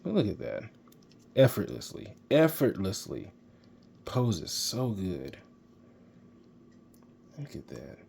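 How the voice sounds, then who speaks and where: Deep voiced guy geeking out over a toy, rambly and hyped. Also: huge pitch swings, slow pace, vocal fry, pauses often, a little mellow, slightly rough. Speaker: toy reviewer. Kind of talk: excited casual review. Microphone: handheld camera mic.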